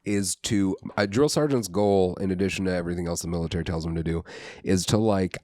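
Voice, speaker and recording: A podcast co-host with a deep, mellow voice talks at a quick pace, telling rambling stories in casual chat and swearing freely. The recording has studio quality with no echo.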